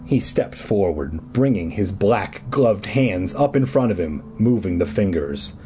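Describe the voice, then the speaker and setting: A man's voice: sits low, animated, unhurried, warm tone, a little hiss or hum. A man reading a storybook aloud in a playful way and joking between passages. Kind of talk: joking read-aloud narration.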